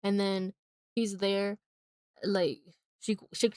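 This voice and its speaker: A young woman on a livestream talks through a film plot in a loose, rambling way, piling on fillers and small sighs as she goes. Her voice sits at an ordinary middle pitch. The sound is dry and close, with almost no room echo. She turns emphatic and indignant when she gets to her own opinion. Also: takes it slowly. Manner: rambling, animated retelling with many fillers and sighs. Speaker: streamer. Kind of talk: casual chat while drawing on a livestream.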